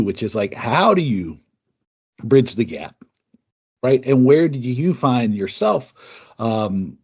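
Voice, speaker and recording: A man's voice: medium pitch, warm tone, slightly rough, lo-fi sound. A man hosting a podcast, chatting casually and rambling through his stories before getting to a question. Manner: rambling, chatty, laughs easily. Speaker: podcast host. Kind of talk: casual interview chat.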